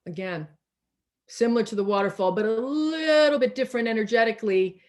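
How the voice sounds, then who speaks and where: A woman minister preaching slowly and reflectively over a video call, pausing and restarting often, tired as she speaks. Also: fairly high pitch, animated, darkish tone. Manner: slow, reflective, with many restarts and pauses.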